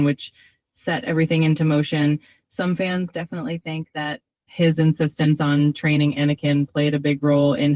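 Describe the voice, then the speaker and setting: A woman's voice from an AI voice assistant, answering politely and upbeat in a smooth, even manner. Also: low voice, no room sound, lo-fi sound. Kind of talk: cheerful assistant replies.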